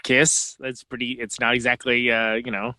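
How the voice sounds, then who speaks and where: A man hosting a podcast in casual chat, chiming in with quick agreements and laughing along. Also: medium pitch, level tone, sharp tone. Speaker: podcast host.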